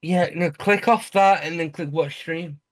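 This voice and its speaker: A man's voice: fairly high pitch, measured pace. A young man with a British accent, chatting casually over online voice chat, mocking his friend and swearing freely.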